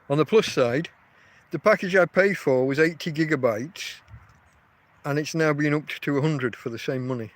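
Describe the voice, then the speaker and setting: Streaming live from outdoors, a man in his 50s talks at a moderate pace in a somewhat high voice. This chatty livestream host wanders from topic to topic and frequently begins his sentences over.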